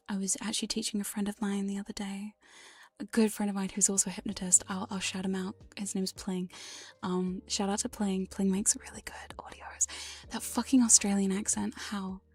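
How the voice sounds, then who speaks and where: A woman streamer talking in a soft, rambling whispered role-play, playful and prone to swearing. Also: medium pitch, husky. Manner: frequent laughs and swearing. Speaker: ASMR streamer. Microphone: binaural ASMR microphone.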